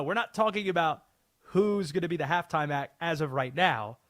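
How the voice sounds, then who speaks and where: Host: playful man, high voice, dry close studio sound. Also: a bit bright, dry recording. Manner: playful, mock-grand patter. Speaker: sports radio host. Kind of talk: call-in sports radio hosting.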